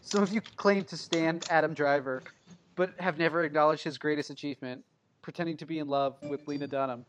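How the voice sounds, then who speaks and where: A man's voice: a little high, fairly even intonation, fairly quick, a little hiss or hum. A man hosting a casual podcast, talking in a dry, wry way. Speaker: podcast host.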